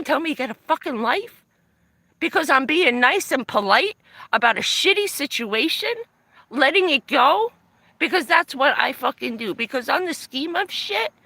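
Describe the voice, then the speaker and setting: A woman's voice: fairly high pitch, gravelly, bright, forceful tone, dry recording. A woman ranting angrily on a live stream, swearing heavily and sounding aggravated and aggrieved, filmed on a phone in a van. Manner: heavy swearing, furious and aggrieved. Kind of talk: angry live-stream rant.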